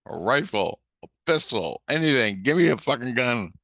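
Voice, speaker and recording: A man's voice: mid-range voice, normal speed, no echo, studio quality. A man rambling in a profane, ranting monologue. He acts out both sides of a conversation as he tells it. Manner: profane, ranting, animated retelling. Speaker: vlogger.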